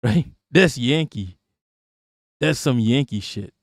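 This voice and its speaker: A man's voice: mid-range voice, expressive, slow pace, no room sound, clean studio sound. A man hosting a livestream, ranting about politics in a profane, mocking way, repeating himself and laughing often. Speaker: livestream host. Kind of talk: casual political rant on a livestream.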